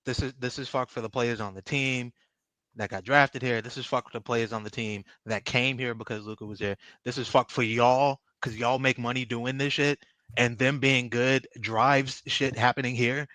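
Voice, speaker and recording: This is a man ranting on a podcast, his voice bright and forceful, with a lot of swearing and raw frustration. The sound is dry and close, with no room around it. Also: mid-range voice, steady tone, moderate pace, no echo. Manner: angry, profane ranting. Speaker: guest. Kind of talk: heated casual podcast chat. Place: remote video call.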